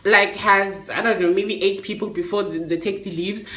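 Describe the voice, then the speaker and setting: Animated young South African woman, echoey. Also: moderate pace. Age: young adult. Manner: animated, acts out quoted people in a high voice. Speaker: vlogger. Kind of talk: storytime vlog.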